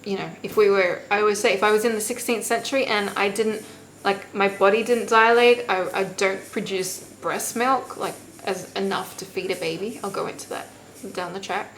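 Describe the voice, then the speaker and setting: A woman's voice: mid-range voice, fairly even intonation, normal speed, a bit bright, a little hiss or hum, low-quality recording. Candid, swearing young woman vlogger. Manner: candid, swears freely, acts out quotes. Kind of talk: casual storytelling to camera.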